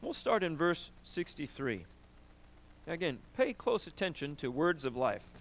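A man preaching a sermon, emphatic and animated, often asking "right?" and clearing his throat. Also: fairly high pitch, measured pace. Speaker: pastor.

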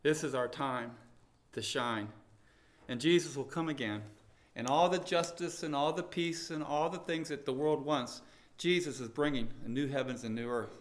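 A man preaching a sermon, telling stories and swinging between loud proclaiming and hushed pleading. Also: mid-range voice, moderate pace. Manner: storytelling with quoted dialogue.

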